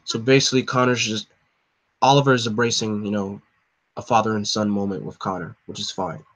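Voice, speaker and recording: A man's voice: fairly low pitch, steady tone, a little fast, fairly bright tone. A young man hosting a live comic reading, talking casually and hesitantly with fillers. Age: young adult. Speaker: host reading a comic aloud.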